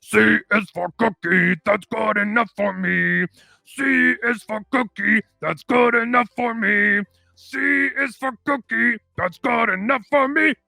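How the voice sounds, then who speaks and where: A man voicing a greedy shaggy puppet monster with a gravelly, hollering delivery. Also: high-pitched, measured pace, bright, forceful tone, no echo, studio quality, pitched above the performer's own voice, full character voice.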